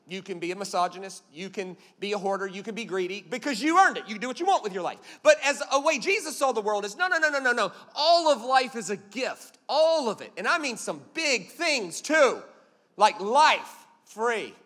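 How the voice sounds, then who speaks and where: Man, pastor, sermon, high voice, emphatic storytelling, long hall reverb. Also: expressive, fairly quick, bright, forceful tone. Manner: storytelling, emphatic, punchy with jokes.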